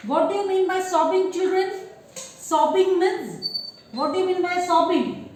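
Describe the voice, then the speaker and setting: Woman teacher, Indian English accent, very high voice, repeats questions to the class, very echoey room. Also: measured pace, a little mellow. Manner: repetitive, asks the class questions. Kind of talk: classroom lesson. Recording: very echoey room, faint hiss.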